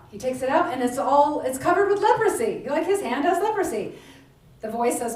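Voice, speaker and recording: A woman preaching a sermon in a chatty storytelling manner, checking in with "right?" as she goes. Her voice is a bit high, and she sounds distant in a very echoey church room. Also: lively intonation, a little fast, a little mellow. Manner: conversational storytelling, frequent 'right?' and 'like'. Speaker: minister. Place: church sanctuary. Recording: echoey church room, speaker far from the mic.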